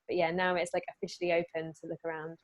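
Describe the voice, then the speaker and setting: A woman's voice: on the low side, completely flat delivery, fast. An English woman, an actress guest in a casual interview, easygoing and full of fillers. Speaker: actress and paranormal investigator guest.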